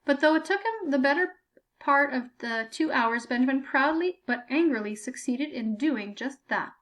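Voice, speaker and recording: A woman narrates a story as an audiobook. Her voice sits high, and her telling is steady and even-toned. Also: moderate pace. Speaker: audiobook reader.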